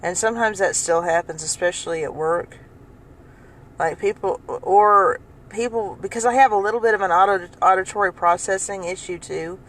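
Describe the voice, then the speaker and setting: A woman's voice: medium pitch, moderate pace, a bit bright, low-quality recording. A woman vlogger talking casually to camera about her own experiences, rambling, restarting often and laughing. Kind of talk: casual personal talk to camera.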